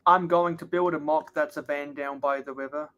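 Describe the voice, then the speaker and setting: A man's voice: fairly high pitch, fairly even intonation, normal speed, a bit bright, clean tone, highs cut off. A young man hosting a livestream, answering chat questions in a casual, chatty way. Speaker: livestream host.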